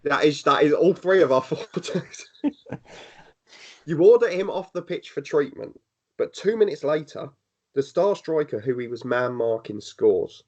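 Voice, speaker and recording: A man's voice: on the high side, expressive, unhurried, a little mellow, lo-fi sound. A man hosting a podcast, reading out scenarios with a dry, wry delivery. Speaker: podcast host asking questions. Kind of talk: reading out scenarios, casual chat.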